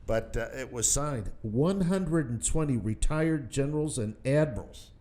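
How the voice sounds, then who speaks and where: A man's voice: medium pitch, lively intonation, a little slow, mellow. A man co-hosting a political talk radio show, teasing dryly and reading out news items. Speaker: radio co-host.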